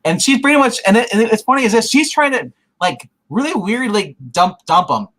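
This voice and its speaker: A man's voice: high voice, expressive, brisk, fairly bright tone, low-quality recording. A man co-hosting a casual show, recapping a TV episode in a rambling way with many restarts. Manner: rambling, many restarts, quotes characters with laughs. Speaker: podcast co-host.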